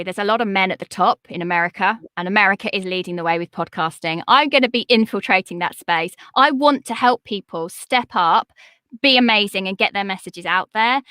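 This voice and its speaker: Bright, upbeat woman coach. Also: mid-range voice, smooth, no room sound, clean studio sound. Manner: confident, upbeat, motivational. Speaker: guest, visibility coach. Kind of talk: podcast interview.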